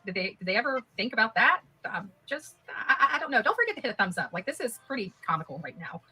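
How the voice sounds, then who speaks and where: A woman's voice: a little high, sing-song, fast, pushed and bright, breathy edge, rough recording. A woman reacting with sarcastic, incredulous commentary on a stream.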